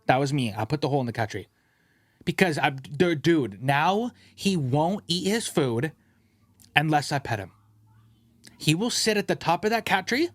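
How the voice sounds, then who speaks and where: Profane, animated man hosting a podcast. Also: a little high, normal speed, dry recording, clean studio sound. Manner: animated, profane, rambling storyteller. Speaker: podcast host. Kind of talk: casual podcast chat. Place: podcast studio.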